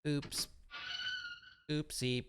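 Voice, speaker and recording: A male streamer giving live gameplay commentary, excitable and chatty with his viewers. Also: on the high side, very slow. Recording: game music behind voice.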